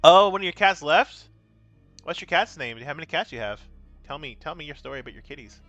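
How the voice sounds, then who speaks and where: A man's voice: a little high, animated, fairly quick, fairly bright tone, no room sound, muffled recording, faint music behind. A man streaming a card game, chatting casually with his viewers in a playful, rambling way. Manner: breaks into silly sing-song. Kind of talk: casual live-stream chat.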